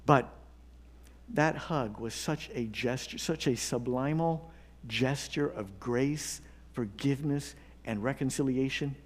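A man pastor delivering a sermon, telling a story with earnest pauses and building to emphatic appeals. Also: medium pitch.

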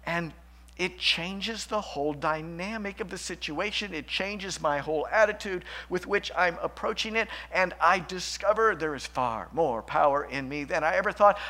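A man preaching a sermon as pastor, shifting between loud emphatic lines and hushed, slow passages. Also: sits high.

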